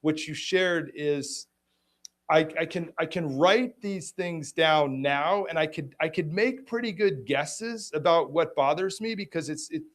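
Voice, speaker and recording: A middle-aged man hosting a personal conversation, speaking haltingly with many restarts. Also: on the high side. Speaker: host.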